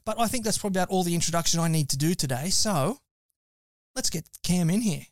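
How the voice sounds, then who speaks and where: A man's voice: high voice, lively intonation, fast talker, dry recording, clean studio sound, soft background music. An Australian man hosting a podcast, chatting in an upbeat, casual way with loose fillers. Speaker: podcast host. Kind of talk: live podcast chat.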